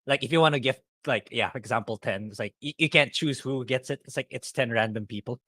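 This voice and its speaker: A man co-hosting a casual livestream, talking in halting bits with restarted words. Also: medium pitch, pushed and bright, dry recording, clean studio sound. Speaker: podcast co-host.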